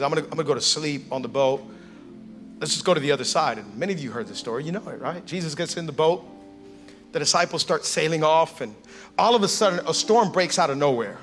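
A male pastor preaching a lively sermon, acting out everyday scenes and calling on the congregation to respond. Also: a little high. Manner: animated, acts out everyday scenes and voices; calls for audience response.

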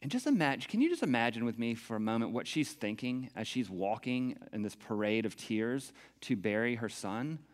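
A middle-aged man preaches a sermon, dropping into quiet, heavy passages and then lifting into lively, animated stretches. His voice sits in a middle pitch. It carries a long reverb from the hall. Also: normal speed, hardly any pauses. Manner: expressive, swings from hushed to animated. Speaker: pastor. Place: church hall.

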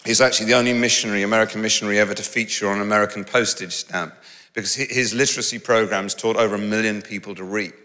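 A man preaching a humorous, storytelling sermon, self-mocking and animated. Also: fairly low pitch, very fast. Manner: animated, self-mocking, laughs through stories. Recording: large hall with long reverb.

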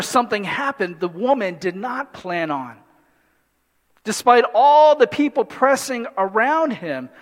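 A man preaching a sermon in an animated way, with humorous asides and acted-out voices from the story. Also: high-pitched. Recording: long hall reverb.

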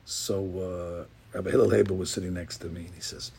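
A man's voice: sits low, little pitch movement, brisk, vocal fry, warm tone, a little hiss or hum. A middle-aged man, a rabbi, gives an informal Torah class, talking conversationally with digressions and many restarts.

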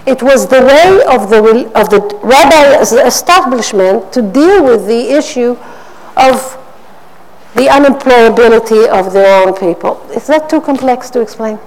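Animated woman speaking in a hall. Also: a little high, unhurried, a little hiss or hum. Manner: animated storytelling, mimics others. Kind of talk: public talk with Q&A. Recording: roomy hall, faint ambience.

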